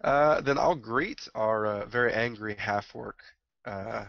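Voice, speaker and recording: Easygoing man at a gaming table, gravelly voice, dry lo-fi mic. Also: on the low side, slow pace, dry recording. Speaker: player. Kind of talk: casual tabletop game chat.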